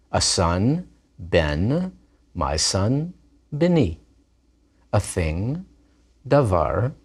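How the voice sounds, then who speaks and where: Slow, animated man teaching. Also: fairly low pitch. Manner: animated, plays with vowel sounds. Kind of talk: scripted lesson narration.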